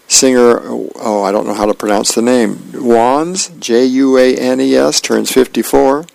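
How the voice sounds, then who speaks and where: A man, a volunteer reader, reading the newspaper aloud for a radio reading service in a plain, unhurried way with small hesitations. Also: mid-range voice, vocal fry, darkish tone, no room sound, poor audio.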